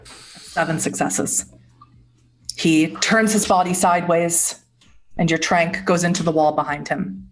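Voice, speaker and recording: A woman narrating a tabletop horror game as game master, describing scenes in a measured way. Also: lowish voice, low-quality recording.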